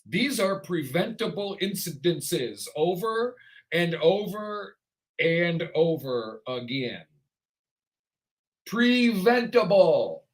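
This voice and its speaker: Male talk host, high voice, sarcastic, rants on air. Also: animated, takes it slowly. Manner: sarcastic, ranting. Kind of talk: solo talk show commentary.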